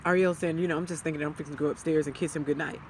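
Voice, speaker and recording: A grieving widow talking to camera in a heartfelt, halting way, her voice sometimes breaking into a whisper. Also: sits low, steady tone, a little hiss or hum. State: grieving, near tears. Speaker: widow sharing her grief. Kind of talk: emotional personal talk to camera.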